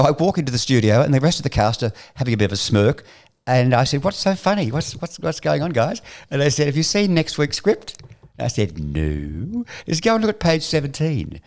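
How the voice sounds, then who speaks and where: Animated older Australian man telling stories. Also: fairly high pitch. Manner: animated, acts out the voices of people in his stories. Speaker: guest. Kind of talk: storytelling anecdotes.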